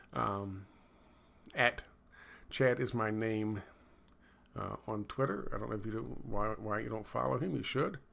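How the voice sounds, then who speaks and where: Middle-aged guy ranting on his channel, sarcastic, swears a lot, rambly with lots of ums, mid pitch. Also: vocal fry. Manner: sarcastic, profane, rambling with fillers. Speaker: video commentator. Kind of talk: casual commentary rant.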